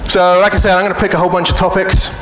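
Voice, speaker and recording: A man's voice: sits high, level tone, very fast, fairly bright tone, slight background noise. A man giving a casual conference talk, blunt and joking, telling anecdotes and swearing freely. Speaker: conference speaker. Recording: echoey hall.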